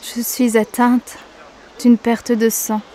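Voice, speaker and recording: A woman's voice: fairly high pitch, flat delivery, slow pace, mellow, slight background noise. An actress voicing a humble woman who was healed of bleeding, speaking in an earnest, imploring film dub. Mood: pleading. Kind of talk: dubbed film dialogue.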